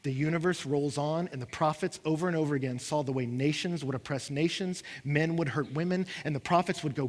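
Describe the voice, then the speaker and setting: A man preaches, his voice sitting a little high for a man. His delivery swings between hushed, heavy moments and bursts of impassioned emphasis. The sound carries a long reverb from a large auditorium. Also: fairly quick, hardly any pauses. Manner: impassioned preaching, acting out what listeners say, rising and falling intensity. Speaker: pastor. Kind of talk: sermon.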